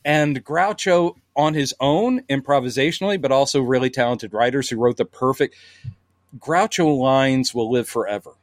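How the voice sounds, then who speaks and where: A man's voice: medium pitch, moderate pace, no room sound. A man co-hosting a podcast, chatting casually about old comedies and acting out quoted bits. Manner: animated, acts out quoted lines with laughs. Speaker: podcast co-host.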